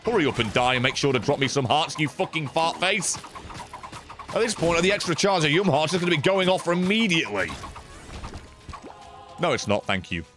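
A young man commentating his own gameplay on a live stream, profane and animated, grumbling then yelling at the game. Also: a little high, normal speed, pauses often. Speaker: gaming streamer. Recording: game music behind voice.

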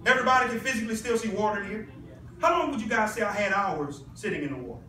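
A man's voice: high-pitched, animated, very fast, pushed and bright, a little hiss or hum. A man giving a live product demonstration to a room of people, persuasive and peppering the audience with questions. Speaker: product presenter. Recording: echoey room, mic at a distance.

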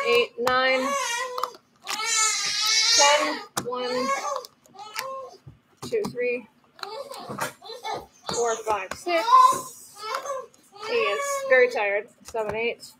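Woman, high voice, casual card-opening stream host, chatty, apologetic, loud noisy home recording with a crying baby. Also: vocal fry. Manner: chatty, apologetic, often breaks off to soothe a baby.

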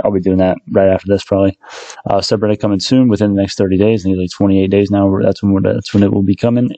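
Low-voiced man, relaxed rambling host with lots of fillers, dry close recording. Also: no echo. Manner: rambling, repeats himself, many fillers. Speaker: stock market video host. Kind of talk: casual direct-to-camera rambling.

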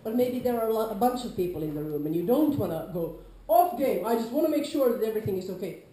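A woman with a Nordic accent gives an informal lecture, lively and chatty, now and then acting out players with loud calls. Her voice is mellow and dark in tone. The room is hard and echoey around her. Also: medium pitch, fast. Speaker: lecturer on larp safety.

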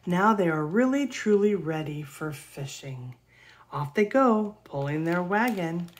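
A woman reading a children's picture book aloud in a gentle, expressive way. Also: on the low side, measured pace. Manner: gentle, expressive read-aloud with gasps and soft laughs. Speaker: storybook reader.

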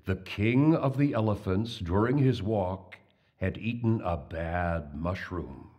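Brief: male narrator for a storybook with music, expressive, lively rise and fall, slow and measured. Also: low voice, noisy background.

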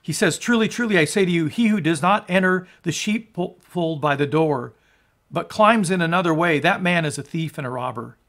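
A man preaching as a pastor, reading scripture aloud and explaining it in an earnest sermon, often restarting words and dropping low at the ends of phrases. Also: normal speed, a bit bright. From United States. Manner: earnest, rises in emphasis on quotes, drops low at phrase ends.

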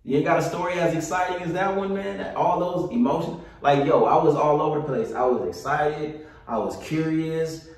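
A man leading a kids' yoga lesson on a video call, hyping the children up, then guiding slow breathing in a soft voice. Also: fairly high pitch. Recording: echoey room, far from the mic.

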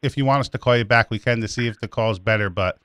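Male talk host, casual and crude, smooth clear voice, dry close sound. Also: medium pitch, fast talker, fairly bright tone, dry recording. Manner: loose, crude, teasing. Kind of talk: casual joking chat. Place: radio studio.

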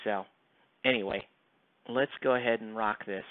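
A man's voice: fairly low pitch, steady tone, normal speed, pauses often, no room sound. Rambling man on a tinny headset. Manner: rambling, self-deprecating, lots of fillers. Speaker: miniature painting live streamer. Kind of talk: casual live-stream chat while painting. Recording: tinny phone-like sound.

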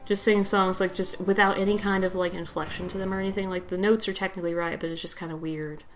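A woman's voice: mid-range voice, flat delivery, fast talker, soft background music, low-quality recording. A young woman giving casual gameplay commentary, rambling with lots of fillers and giggles. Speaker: let's play host.

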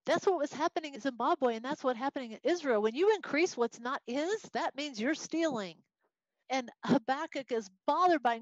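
A woman teaching a Bible study in an expressive, conversational way, reading scripture aloud and explaining it. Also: high voice, brisk, no echo, highs cut off.

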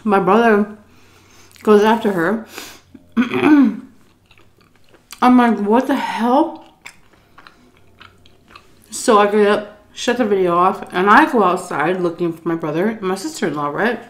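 A woman's voice: medium pitch, a little slow, long pauses. Tipsy woman rambling through a story. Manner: rambling, swears freely, laughs often. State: tipsy from shots. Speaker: vlogger telling a story while eating. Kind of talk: casual storytime chat.

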